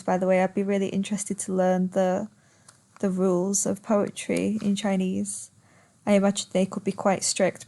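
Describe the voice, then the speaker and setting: A woman gives a recorded online lesson at an ordinary, mid-height pitch. She talks patiently and steps through each point one by one, stretching words out slowly to demonstrate them. Faint keyboard typing can be heard in the background. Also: creaky, dark tone, slight background noise. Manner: patient, explains step by step, stretches words to show stress. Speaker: teacher.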